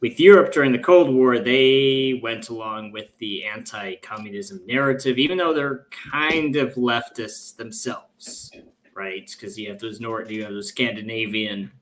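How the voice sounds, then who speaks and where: A man hosting a political podcast, reading out a viewer comment and reasoning through it with many pauses and fillers. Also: medium pitch. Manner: hesitant, filler-heavy reasoning.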